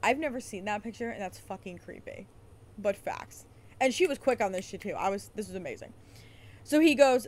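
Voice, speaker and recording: A woman hosts a podcast and launches into a heated, sarcastic rant, swearing often in a casual way. Her voice is mid-range and animated, at a normal speed.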